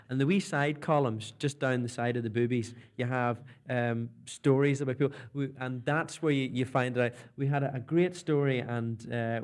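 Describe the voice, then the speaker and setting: A young man with a Northern Irish accent, a comedian guest telling stories in a radio interview. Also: medium pitch. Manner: chatty storytelling, slipping into mimicked voices.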